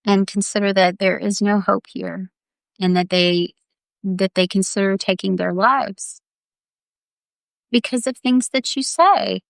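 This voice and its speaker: A woman's voice: medium pitch, steady tone, gravelly, dry recording. A woman leading a guided healing visualization on a live video, talking in a soothing way and often calling the listener honey. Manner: slow, soothing, repeatedly says "honey".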